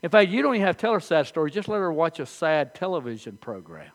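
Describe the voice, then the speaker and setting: An older man preaching a sermon as pastor, telling folksy stories with animated, halting restarts. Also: fairly high pitch.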